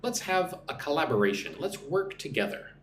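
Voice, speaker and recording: Man teaching English, lively, echoey room. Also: on the high side, slight background noise. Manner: explains slowly, repeats words syllable by syllable, frequent "right?". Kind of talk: live-streamed vocabulary lesson.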